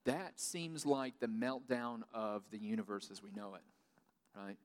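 A man's voice: lowish voice, fairly even intonation, a little slow. A man preaching a sermon as pastor, talking conversationally with casual asides and plain everyday phrasing. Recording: long hall reverb.

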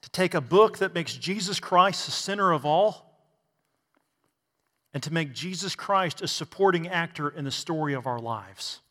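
A man's voice: on the high side, lively intonation, moderate pace, a bit bright, big-room sound. A man preaching a sermon to a congregation, asking rhetorical questions and adding bits of humor. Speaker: pastor.

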